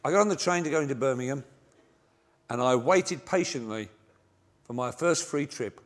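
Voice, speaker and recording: A man's voice: medium pitch, lively intonation, moderate pace, pauses often. An older man, preaching a sermon to a congregation in a church, telling self-mocking funny stories. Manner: anecdotal, self-mocking, jokey delivery. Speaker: pastor. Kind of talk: humorous sermon storytelling. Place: large church before a congregation.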